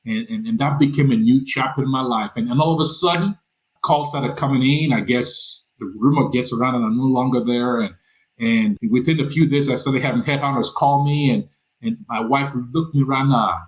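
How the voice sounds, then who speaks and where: A man tells his story as a podcast guest, speaking in earnest at a mid pitch. He often trips over repeated small words as he pushes the story forward. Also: a little fast, low-quality recording. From Nigeria. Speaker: podcast guest, nonprofit founder. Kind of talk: personal storytelling in a conversation.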